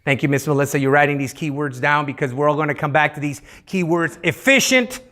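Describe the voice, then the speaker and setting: A man's voice: fairly high pitch, a little fast, pushed and bright. A man leading youth group teaching in a playful, interactive way, having the room repeat key words.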